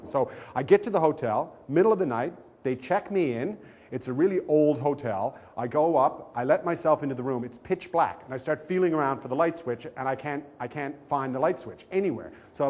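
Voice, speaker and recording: A male comedian telling a comic anecdote on a talk show, acting out the voices of the people in it. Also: mid-range voice. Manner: animated storytelling, acting out quoted voices.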